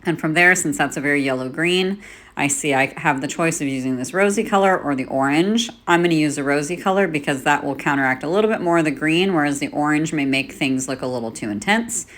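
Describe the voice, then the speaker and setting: A woman in her forties, a makeup artist, giving a relaxed step-by-step tutorial while she works, with the odd "um". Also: sits low, fairly quick. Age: 40s. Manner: relaxed, talks while working, with "um" fillers. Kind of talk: casual tutorial demonstration.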